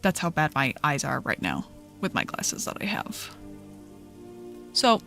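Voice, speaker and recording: A young adult woman streamer telling a story in casual chat, animated and profane, often laughing. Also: sits low, a little slow, vocal fry, faint music behind.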